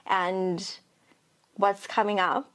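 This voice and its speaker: A young woman co-hosts a podcast in easy, casual chat. She talks reflectively about her own life and is quick with a light joke. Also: medium pitch, flat delivery, a bit bright. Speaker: podcast co-host.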